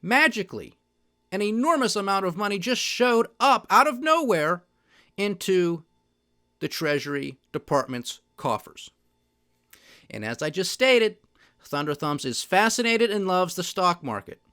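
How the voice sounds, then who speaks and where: Sardonic male podcast host, higher voice, emphatic solo rant on markets. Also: sing-song, unhurried, sharp tone. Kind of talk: solo political and market commentary.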